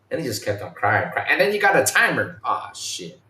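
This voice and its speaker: A man hosting a casual gaming podcast, animated, imitating game sounds and swearing casually. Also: fairly high pitch, fairly quick, hardly any pauses, reverberant. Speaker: podcast host.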